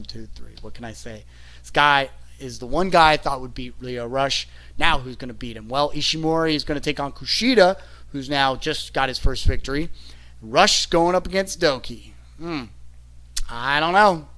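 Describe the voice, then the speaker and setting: A man's voice: fairly high pitch, fairly bright tone. A man reviewing a wrestling show in casual, rambling commentary, often tacking "okay?" onto his sentences. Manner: rambling, keeps adding "okay?".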